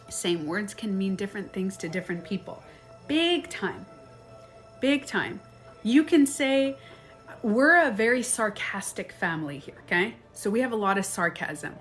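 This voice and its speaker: A woman gives casual advice on a live stream from home, talking into her phone in a mid-range voice. She is chatty and animated, acts out quoted phrases, and laughs often. Faint music plays in the background. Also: medium pitch, measured pace. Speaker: life and beauty coach.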